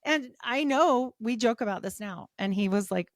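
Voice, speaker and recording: A woman in her forties telling a personal story as a podcast guest, animated, laughing often and filling her talk with "like". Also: on the high side, slow, pauses often, no room sound, studio quality. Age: 40s. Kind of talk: casual storytelling.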